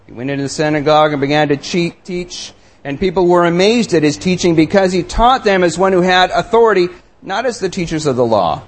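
A man's voice: a little high, animated, moderate pace. A man preaching a sermon, reading scripture and reflecting on it with earnest, emphatic questions. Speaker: pastor.

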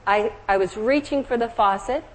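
A middle-aged woman from the American South preaching a sermon, telling stories gently and slowing down on scripture and hymn lines. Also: a little high, low-quality recording. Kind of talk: sermon with storytelling.

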